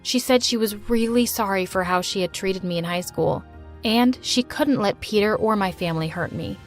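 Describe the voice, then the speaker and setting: A woman's voice: mid-range voice, normal speed. Woman narrating over faint music. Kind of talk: first-person story narration.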